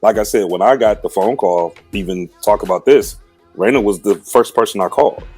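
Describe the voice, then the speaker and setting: A man's voice: on the low side, fairly quick, a little mellow, breathy edge, faint music behind. A man who coaches basketball, talking in a laid-back, joking way in an interview. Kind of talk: casual video interview.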